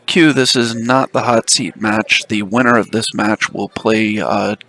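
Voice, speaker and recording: A man commenting live on a pool match, explaining the play in a measured way and passing along remarks from the chat. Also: fairly low pitch, fairly even intonation, pushed and bright. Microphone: headset close to mouth.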